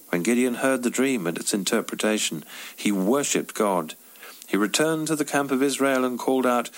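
A man reading his own devotional story aloud, wry and expressive. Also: medium pitch, normal speed.

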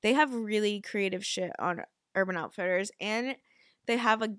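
A woman's voice: mid-range voice, moderate pace, clear, resonant tone, dry recording, studio quality. A young woman hosting a podcast, chatting casually with lots of fillers and casual swearing. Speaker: podcast host. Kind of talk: casual chat.

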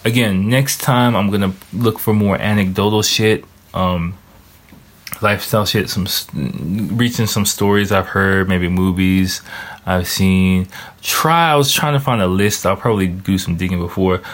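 A man's voice: low voice, unhurried. A man in a casual solo monologue, rambling with heavy swearing and thinking aloud as he searches online. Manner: stops to search charts online while talking.

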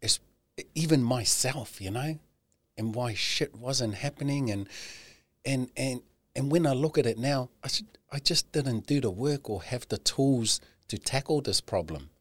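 A middle-aged man, a podcast guest, candidly telling a personal story, swearing often and halting with many "you know"s. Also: mid-range voice, lively intonation, no room sound.

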